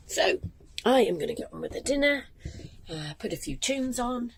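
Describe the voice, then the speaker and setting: A woman's voice: a little high, sing-song, moderate pace, creaky, a little hiss or hum, poor audio. A tired woman chatting casually in a self-deprecating way for her vlog, talking from a sailboat. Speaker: vlogger. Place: on a sailboat during a storm.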